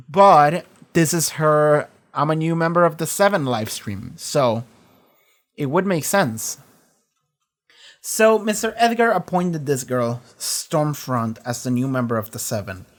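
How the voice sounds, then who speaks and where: A host talking casually through a TV episode reaction, rambling and animated, swearing freely and circling back to repeat points. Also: mid-range voice.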